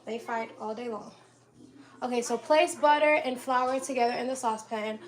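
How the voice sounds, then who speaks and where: Her voice sits on the high side with fairly even intonation and a moderate pace as this young woman cooks dinner on a casual livestream, greeting viewers by name and laughing a lot. She's in her home kitchen, and the rough recording picks up clattering pots, dishes, and other household sounds.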